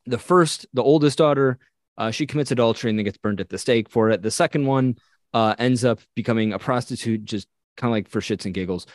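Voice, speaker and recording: Animated storytelling man, dry close mic. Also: mid-range voice, fairly quick, dry recording. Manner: animated retelling, acting out quoted characters. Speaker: podcast co-host. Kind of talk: casual storytelling chat.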